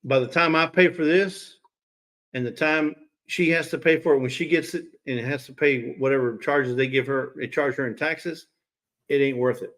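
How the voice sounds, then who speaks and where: Male host, casual livestream chatter, teasing and talkative, mid-pitched voice. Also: steady tone, moderate pace, fairly bright tone. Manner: chatty, teasing, talks straight to chat viewers.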